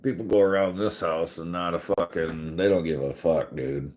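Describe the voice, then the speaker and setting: A man's voice: low-pitched, fairly even intonation, normal speed, darkish tone. A man telling a profane, exasperated story on a casual podcast, laughing often as he goes. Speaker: podcast host.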